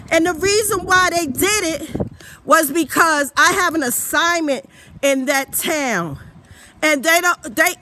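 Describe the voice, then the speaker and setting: A woman's voice: high-pitched, pushed and bright. A woman telling a story in a casual, emphatic, rambling monologue. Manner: rambling with many fillers and restarts. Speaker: vlogger.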